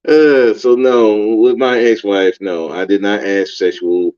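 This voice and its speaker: A man's voice: on the low side, fairly even intonation, measured pace, hardly any pauses, a little mellow, highs cut off. A man hosting a podcast, reacting in casual, blunt, profane commentary and laughing at himself. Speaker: podcast host reviewing an interview.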